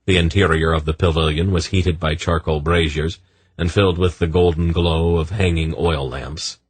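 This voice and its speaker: A man narrating an audiobook in a measured storytelling manner. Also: extremely low pitch, fairly even intonation, breathy edge, no room sound. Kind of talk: scripted narration.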